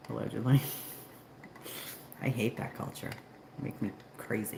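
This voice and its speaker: A woman hosting a casual livestream from home, chatting with viewers and laughing often, then coaxing her dogs inside in a high voice. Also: steady tone, measured pace, vocal fry, long pauses. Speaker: livestream host. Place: at home, indoors. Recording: very echoey room with background noise.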